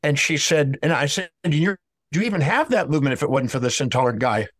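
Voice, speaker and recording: A man's voice: on the high side, expressive, fast talker, dry recording. A man telling a story in an interview, lecturing emphatically and acting out both sides of a dialogue. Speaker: speaker on emotional healing.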